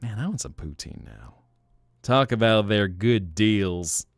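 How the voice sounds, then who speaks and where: A man hosting a relaxed live stream, chatting with viewers in a soft-spoken, musing way. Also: lowish voice, measured pace, no room sound, clean studio sound. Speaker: livestream host.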